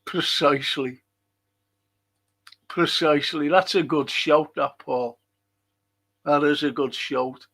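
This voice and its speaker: A man's voice: fairly high pitch, slow, vocal fry, pauses often, fairly bright tone, breathy edge. A middle-aged man hosting a casual live stream, reading out viewer comments, answering them and swearing now and then.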